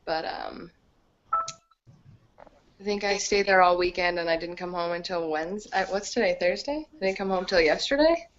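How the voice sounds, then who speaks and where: A woman's voice: lowish voice, normal speed, a little hiss or hum. A young woman telling a long personal story on a video call, rambling and chatty, with lots of "like". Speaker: group member. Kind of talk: casual video chat. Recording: dull lo-fi video call audio.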